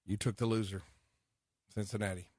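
A man's voice: on the low side, steady tone, moderate pace, darkish tone, dry recording, clean studio sound. A man co-hosting a sports radio show, blunt and teasing in his opinions. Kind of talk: casual radio sports chat.

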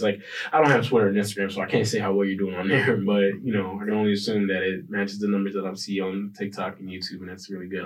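A man's voice: fairly low pitch, distant mic, low-quality recording. A man on a podcast as a returning guest, stuffy from allergies, rambling with many fillers and swearing. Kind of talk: casual podcast chat. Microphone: podcast mic, moving away often. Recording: faint noise, drifting off mic.

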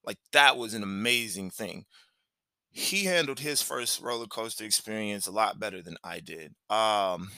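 A man's voice: fairly low pitch, normal speed, gravelly, pushed and bright, clear, resonant tone, no echo. A man hosting a podcast, telling a personal story in a loose, conversational way, filled with "like" and "you know.". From Cleveland, Ohio, USA. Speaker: podcast host.

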